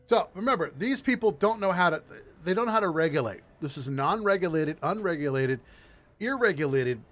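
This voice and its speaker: A man hosting a political commentary podcast from his home studio, riffing in a mocking, crude, animated way. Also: a little high. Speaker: podcast host.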